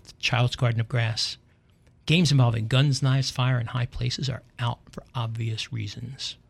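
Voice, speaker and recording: His voice is mid-range and creaky. He's a middle-aged radio host giving a funny monologue full of deadpan, dry anecdotes that end in wry punchlines.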